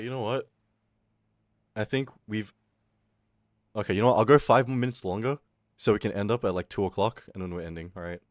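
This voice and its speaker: A male streamer chatting casually with his viewers, swinging from loud outbursts to low mutters and swearing freely. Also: dry recording, clean studio sound. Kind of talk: casual livestream chat with viewers.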